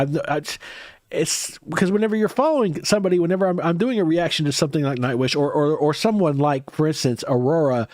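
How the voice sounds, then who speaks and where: A man's voice: medium pitch, no room sound, clean studio sound. A man with a head cold, tired and congested, hosting a music reaction livestream and answering viewer comments in casual chat.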